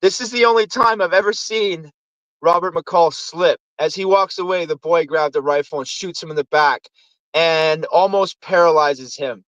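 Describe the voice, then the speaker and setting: This host of a casual movie review show rambles over plots and acts out quotes from the movies at a moderate pace. His voice is on the high side and a bit bright, with dull audio and no room sound.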